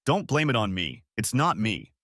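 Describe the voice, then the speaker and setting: A man putting on the voice of a young wife pushed to her limit, her voice pitched up and lively as she snaps back defensively. The sound is dry and close, with no room behind it. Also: moderate pace, no room sound, full character voice. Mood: angry. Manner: exasperated, snapping back.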